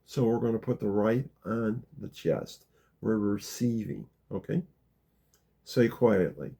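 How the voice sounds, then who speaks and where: A man leading a gentle guided meditation talk, calm and unhurried, dropping very soft in the guided parts. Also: fairly low pitch, gravelly, husky. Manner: slow, gentle, drops to a near whisper in the guided parts. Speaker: spiritual teacher guiding a practice.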